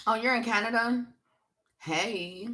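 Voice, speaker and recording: Her voice is on the high side, bright and forceful, yet she takes her time speaking. She's a Pennsylvania woman running a livestream as a psychic reader, chatting bluntly with viewers about their comments and frequently swearing and laughing.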